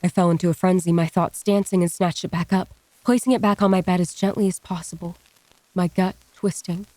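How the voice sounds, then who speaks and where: A woman narrating a first-person horror story in a steady, even reading. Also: on the low side, a little fast, dry recording, rough recording.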